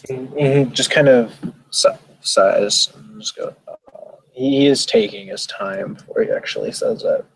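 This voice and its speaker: A man's voice: mid-range voice, measured pace, vocal fry, breathy edge, poor audio. A man narrating his character in a tabletop role-play, hesitant and often correcting himself. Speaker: tabletop player.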